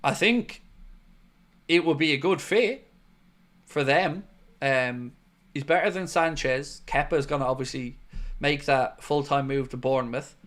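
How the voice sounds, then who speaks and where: A man's voice: a little high, a little slow, pauses often, a bit bright. A man hosting a live football fan stream, giving blunt opinions and reading viewer comments aloud, with a lot of "um" and "look" along the way. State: has the hiccups. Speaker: football fan channel host.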